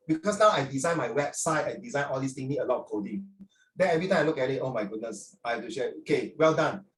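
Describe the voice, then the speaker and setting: An older man with a Singaporean accent, a teacher lecturing a class in a chatty way, dropping local particles as he talks. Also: medium pitch. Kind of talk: classroom talk to students. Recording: roomy echo, from far off.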